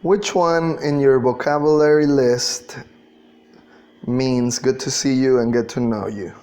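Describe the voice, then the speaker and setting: A man's voice: mid-range voice, fairly even intonation, a little slow, mellow. A man teaching an English class, patiently drilling pronunciation and spelling words out letter by letter. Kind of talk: classroom lesson.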